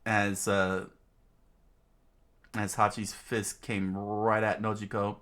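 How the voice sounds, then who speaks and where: A man casually reading a manga aloud, halting often with fillers and restarts. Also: on the low side, level tone, a bit bright. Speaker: reader.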